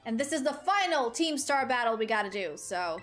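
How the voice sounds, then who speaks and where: A woman's voice: on the high side, lively intonation, brisk, fairly bright tone, faint music behind. A woman giving casual gameplay commentary as a streamer, rambling, correcting herself and talking to her chat. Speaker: gaming streamer.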